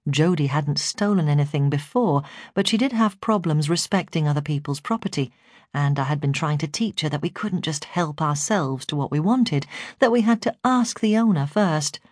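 Low-voiced woman narrating calmly. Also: dry recording, clean studio sound. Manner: calm, measured storytelling. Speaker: audiobook narrator. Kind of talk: scripted memoir narration.

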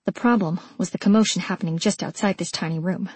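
A woman narrating a first-person audiobook in a measured, intimate way. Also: fairly low pitch, darkish tone, husky, no room sound.

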